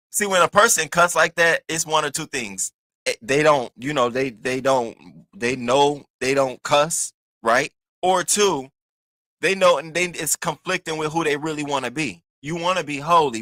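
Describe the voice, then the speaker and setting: A sassy, animated man hosts casual gossip commentary, full of slang and cussing, and breaks into high, squealing bursts. There's no room sound.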